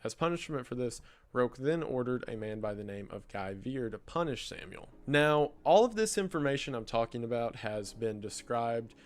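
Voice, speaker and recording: A man narrating a documentary video from a script, in a steady, measured storytelling manner. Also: medium pitch.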